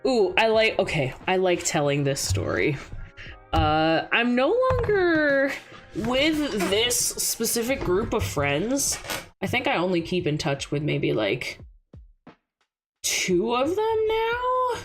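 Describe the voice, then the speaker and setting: A young woman streaming casual chat, an animated storyteller who laughs often. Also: mid-range voice, slow pace, faint music behind.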